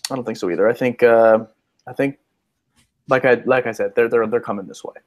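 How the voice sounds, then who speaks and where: A man co-hosting a casual podcast, who talks in a hesitant, halting way, restarting his sentences. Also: mid-range voice, fairly even intonation. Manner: hesitant, many fillers and restarts. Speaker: podcast co-host, lawyer.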